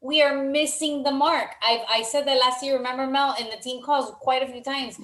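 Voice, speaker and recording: A woman's voice: high voice, steady tone, normal speed, fairly bright tone. Woman, team coach, motivational, effusive, video call, roomy echo. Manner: effusive, encouraging, repeats praise.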